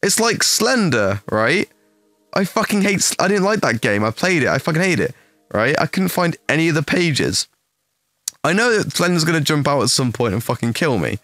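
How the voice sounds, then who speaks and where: A man's voice: a little high, normal speed, no room sound, soft background music. A young man casually telling a rambling, profane story to his stream, acting out the lines of the people in it. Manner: profane, animated anecdote with acted-out quotes.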